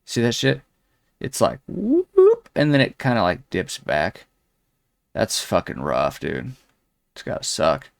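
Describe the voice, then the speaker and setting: A man's voice: low voice, sing-song, unhurried, vocal fry, no echo, studio quality. A man hosting a commentary show, crudely mocking a video with a rambling, sneering delivery full of fillers. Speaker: commentary host.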